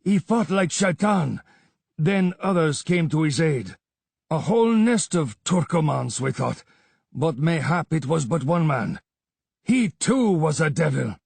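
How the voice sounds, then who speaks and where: A man's voice: a little high, expressive, measured pace, vocal fry, darkish tone, breathy edge, no echo, voice pushed up, full character voice. A man reading aloud and voicing a wounded tribesman who babbles his report in a fearful, panting rush. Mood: frantic.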